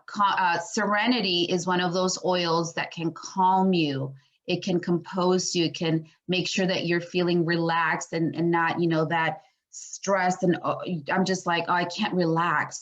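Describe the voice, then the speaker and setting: A woman with a somewhat low voice leads a wellness workshop. She talks in a chatty, informal teaching style, loose and full of fillers. Now and then she acts out her own thoughts in quick asides. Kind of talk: casual teaching talk.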